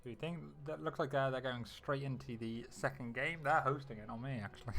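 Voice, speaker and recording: Young guy casting a game match live by himself, middle-pitched voice, gets excited fast and laughs a lot. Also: faint music behind. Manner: excitable, quick reactions, frequent laughs. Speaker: esports caster. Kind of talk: solo live game commentary.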